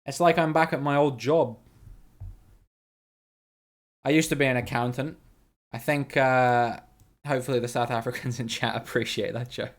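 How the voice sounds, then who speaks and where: A man's voice: medium pitch, steady tone, normal speed, pauses often. A man hosting a casual live stream of a geography guessing game. He chats with viewers, reads their names out, laughs easily and swears now and then.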